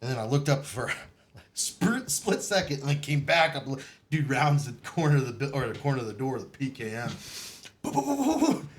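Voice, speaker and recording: A man telling his military stories in casual podcast chat, swearing often, laughing, and shouting out the quoted lines. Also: medium pitch, fairly quick, a little hiss or hum. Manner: profane, laughing, acts out quotes loudly. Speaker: podcast guest. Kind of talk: casual storytelling.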